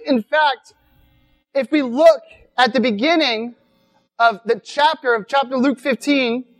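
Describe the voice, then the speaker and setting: A woman's voice: sits high, unhurried. A woman giving a conversational sermon at a weekend retreat, repeating words as she goes and often asking "right?". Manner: casual, repeats words, asks rhetorical questions. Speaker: speaker at a weekend church retreat.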